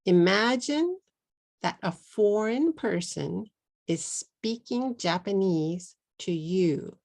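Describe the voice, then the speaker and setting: Slow, gravelly Texan woman teaching English. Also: mid-range voice, animated, darkish tone. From Texas, USA. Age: middle-aged. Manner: slow, deliberate explaining, slipping into Japanese at times. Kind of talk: online English lesson.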